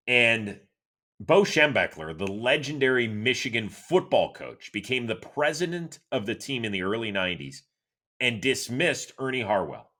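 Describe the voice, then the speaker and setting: Lively middle-aged man hosting a baseball podcast. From Cleveland, Ohio, USA. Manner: animated, chatty storyteller with lively swings in pitch. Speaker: host. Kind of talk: solo sports podcast answering listener questions.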